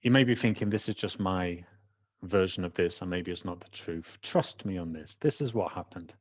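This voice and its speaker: A low-voiced Welsh man recounts a personal anecdote and acts out the people he talks about. The recording is dull and lo-fi, as if from a modest home setup. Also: moderate pace. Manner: animated, acts out the people he quotes. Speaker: trainer. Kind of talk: personal storytelling monologue.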